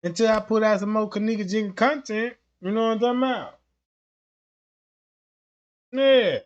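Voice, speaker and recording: A young man livestreaming, telling stories in a casual, slangy, animated way. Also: high voice, normal speed, lo-fi sound.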